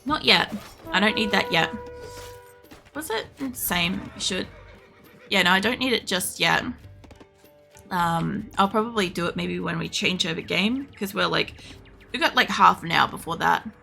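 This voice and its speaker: A woman streaming a video game, chatting in a rambling way, swearing freely and yelling at the game. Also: lowish voice, measured pace, vocal fry, long pauses, faint music behind. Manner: yells excitedly at the game. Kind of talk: casual live-stream chatter while gaming. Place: home room with air conditioning.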